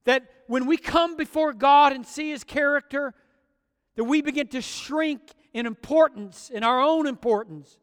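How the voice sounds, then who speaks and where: High-voiced preacher in a reverberant church. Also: male voice, fairly bright tone, smooth. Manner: fervent preaching, slows and swells on key phrases. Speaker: pastor. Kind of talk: sermon. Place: church sanctuary.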